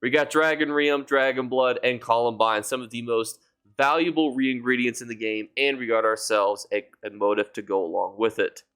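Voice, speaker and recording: Game-guide YouTuber, male, mid-pitched, casual and enthusiastic with his audience. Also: normal speed, a bit bright, clear, resonant tone. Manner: chatty and enthusiastic, addresses viewers as "you guys". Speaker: gaming YouTuber.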